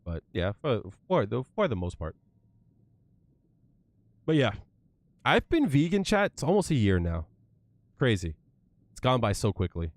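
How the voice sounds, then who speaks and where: A young man talking straight to his stream chat in a loose, profane, conversational way. His pitch is lively and climbs high as he rants. The sound is dry and close, with no room around it. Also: a little slow, pauses often, no echo. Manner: animated, swearing, rising to worked-up rants. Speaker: livestreamer. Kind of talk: casual livestream chat.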